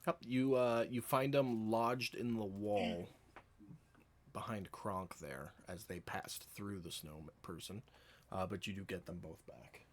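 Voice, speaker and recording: A man running a tabletop game as dungeon master, relaxed and laughing often between his descriptions. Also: on the low side, a little slow, slight background noise.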